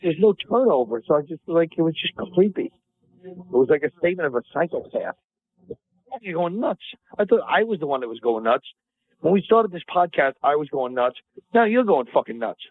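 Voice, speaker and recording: A man's voice: fairly high pitch, sing-song, brisk. Sarcastic man on a tinny line. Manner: sarcastic, needling. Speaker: podcast co-host. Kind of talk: casual profane banter. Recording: phone-like lo-fi audio.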